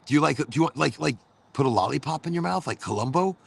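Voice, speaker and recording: A man with a gravelly, husky voice hosts a loose, rambling chat. His pitch sits a little high and swings widely as he swears his way through stories. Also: animated, fast. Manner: loose, profane, rambling storyteller. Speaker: host. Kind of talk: casual chat.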